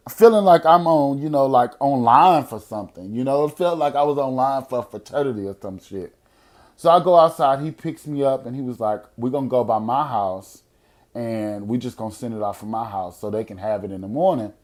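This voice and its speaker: Guy on a podcast telling a wild story, swears a lot, gets loud then goes quiet, regular middle pitch. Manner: profane, animated, swings from loud outbursts to hushed. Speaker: podcast host. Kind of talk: casual storytelling.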